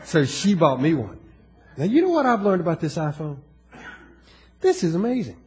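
A man's voice: on the high side, wildly swooping pitch, moderate pace, darkish tone. A man with a Southern US accent preaching a sermon in a folksy way, with joking asides and rising emphasis. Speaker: pastor.

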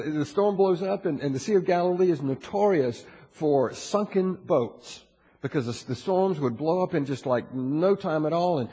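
Older guy preaching, husky and kinda high, lots of restarts, big echoey church hall. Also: dark tone. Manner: conversational preaching, full of restarts and asides. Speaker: pastor. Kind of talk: sermon. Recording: long hall reverb.

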